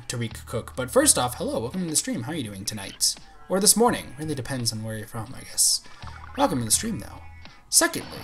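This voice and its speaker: A man live-streams a game and chats with his viewers in a loose, goofy ramble. His voice swings widely and readily jumps into excited yelps. Faint music plays behind him. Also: medium pitch. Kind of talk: live gameplay commentary.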